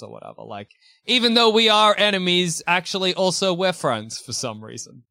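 Bright-voiced podcast host. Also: male voice, on the high side, expressive, dry recording, clean studio sound. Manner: enthusiastic, swearing, quick to agree. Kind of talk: casual comedic chat.

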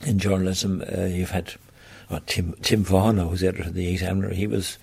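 Deep, gravelly older man. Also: level tone, a little mellow. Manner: halting, restarts phrases. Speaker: interviewee, former newspaperman. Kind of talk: reminiscing interview.

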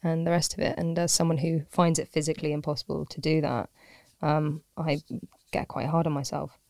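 A woman's voice: low voice, little pitch movement, brisk, a little mellow, no echo, clean studio sound. A woman who teaches pottery, chatting casually as a podcast guest in a rambling, self-deprecating way with frequent laughs.

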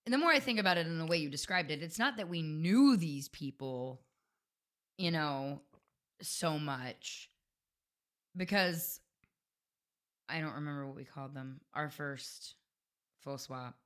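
A woman's voice: sits low, expressive, a little slow, long pauses, a bit bright. A woman co-hosting a podcast, talking frankly and casually and laughing easily. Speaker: podcast co-host. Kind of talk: candid casual chat.

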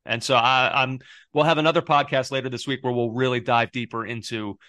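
A man's voice: medium pitch, fairly even intonation, fairly quick, pushed and bright, dry recording, clean studio sound. A man co-hosting a sports podcast, talking casually in an earnest, hesitant, self-deprecating way. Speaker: podcast co-host.

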